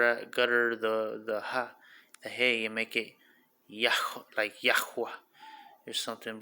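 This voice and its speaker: A man's voice: medium pitch, bright, forceful tone, clean tone. A man giving a casual spoken religious teaching in a loose, rambling way, with frequent fillers, repeating words over and over to sound them out. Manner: filler-heavy, says like and you know often.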